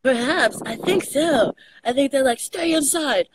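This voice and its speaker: A young woman with a Texan accent, chatting as a podcast guest, animated, laughing often and swearing casually. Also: sits high, normal speed, background noise. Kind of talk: casual conversation.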